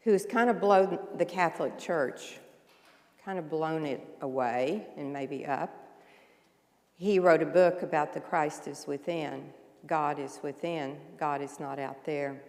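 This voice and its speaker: An older woman minister delivering a folksy, conversational sermon, often clearing her throat. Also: low voice, long reverb tail. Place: church sanctuary.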